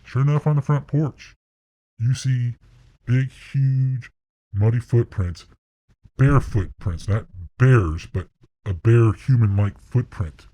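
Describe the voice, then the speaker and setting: A man casually telling a first-person story, animated and profane, acting out sounds. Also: medium pitch, dry recording.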